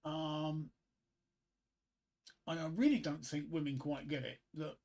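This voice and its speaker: Rambling older man, fairly high voice. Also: fairly even intonation, a little slow, darkish tone, low-quality recording. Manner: rambling, self-deprecating, chatting to viewers; frequent fillers and restarts. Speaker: livestream host. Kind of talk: casual solo livestream chat.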